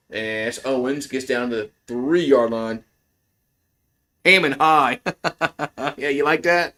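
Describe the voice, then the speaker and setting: He's a man running live fan play-by-play, excitable and foul-mouthed, lurching between grumbled asides and shouted calls whenever a big play hits. His voice sits in the mid range.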